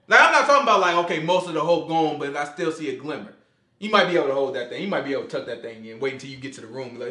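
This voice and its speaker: A man leading an informal Bible study, lively and acting out scenes in quoted voices. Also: a little high, fast. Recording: echoey room.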